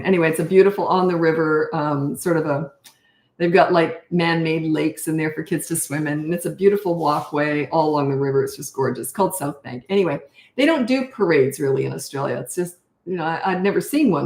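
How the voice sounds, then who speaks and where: Chatty older woman, lowish voice. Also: a little mellow. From Canada. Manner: chatty, rambling storyteller who laughs often. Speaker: parenting coach. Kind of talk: casual live-stream Q&A. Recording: roomy echo.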